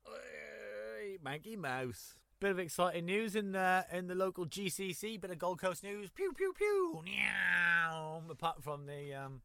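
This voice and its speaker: A man's voice: high-pitched, normal speed, gravelly, few pauses, a bit bright, clean tone, no room sound. A man co-hosting a podcast over a video call, full of crude, playful banter and silly sound effects. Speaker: podcast co-host. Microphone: headphones and mic on a video call.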